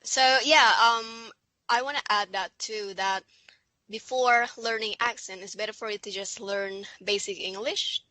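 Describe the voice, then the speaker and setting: A woman's voice: mid-range voice, steady tone, a little slow, pushed and bright, dry recording. A woman co-hosting a casual podcast chat, teasing and playful with her co-host.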